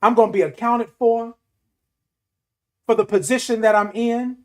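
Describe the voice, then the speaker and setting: A man's voice: very high voice, steady tone, moderate pace, darkish tone. A middle-aged man hosting a morning show, giving a motivational talk in an emphatic, repetitive preaching cadence. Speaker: host.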